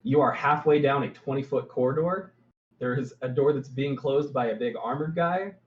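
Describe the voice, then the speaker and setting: A man's voice: medium pitch, moderate pace, slight background noise. Guy game master, chill descriptive narrating, echoey muffled lo-fi mic. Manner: relaxed, descriptive, self-correcting.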